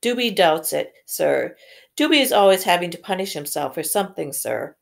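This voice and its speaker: A woman reading aloud slowly, voicing a timid, anxious male house elf who keeps calling the listener sir. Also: fairly low pitch, big pitch swings, gravelly. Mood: pleading. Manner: earnest, pleading, keeps saying sir.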